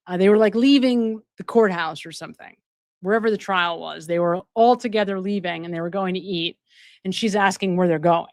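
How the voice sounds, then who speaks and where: A woman's voice: on the low side, fairly quick, no room sound, clean studio sound. A woman hosting a live stream. She reads out viewer donations and gives commentary, repeating phrases for emphasis. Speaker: host and addiction counselor.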